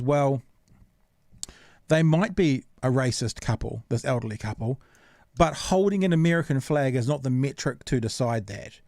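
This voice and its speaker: A man's voice: mid-range voice, normal speed, gravelly, a little mellow, no echo, clean studio sound. A man hosting a podcast in casual chat, earnest and reasoning things through with fillers and repeats. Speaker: podcast host.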